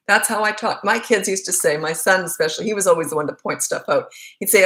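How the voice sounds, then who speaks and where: A middle-aged Canadian parenting coach fields questions in a casual, candid livestream Q&A, laughing often. Her voice is on the low side and a bit bright, she speaks quickly, and the sound is roomy.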